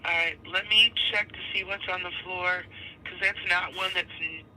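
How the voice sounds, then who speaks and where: A man's voice: high voice, fairly even intonation, normal speed, bright, forceful tone, a little hiss or hum, rough recording. A man working as a shop clerk, answering a customer call politely while congested. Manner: polite, helpful. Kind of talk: phone customer service.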